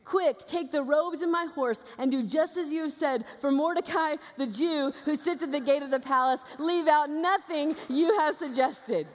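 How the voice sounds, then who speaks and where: A woman's voice: high voice, moderate pace, few pauses, natural voice. A woman voicing an ancient male king in a sermon retelling, speaking in a casual, offhand way. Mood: eager. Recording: long reverb of a large hall.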